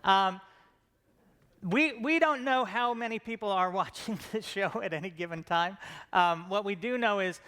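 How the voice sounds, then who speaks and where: Bright, smooth-voiced man joking on stage. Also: sits high, normal speed. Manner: joking, self-deprecating, many fillers and restarts. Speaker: comedy show creator giving a conference talk. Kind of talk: casual comedic talk to a live audience.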